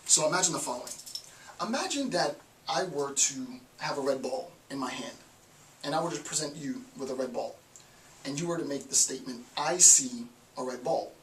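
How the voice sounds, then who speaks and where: A man's voice: mid-range voice, animated, moderate pace, fairly bright tone. A man lecturing on philosophy in a conversational style, repeating phrases for emphasis. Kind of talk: informal recorded lecture. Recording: echoey room, mic at a distance, faint hiss.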